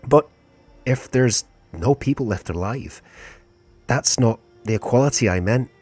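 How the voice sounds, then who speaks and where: A man in a put-on Scottish accent playing a paralyzed, guilt-stricken man reading his final letter aloud, slow and sorrowful. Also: mid-range voice, faint music behind, natural voice. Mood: regretful. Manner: slow, sorrowful, fading to quiet.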